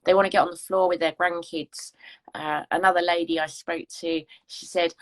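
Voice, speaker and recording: A woman's voice: on the low side, flat delivery, moderate pace. Chatty, rambling woman coach. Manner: rambling, self-deprecating, chatty. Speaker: fitness coach. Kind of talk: casual chat.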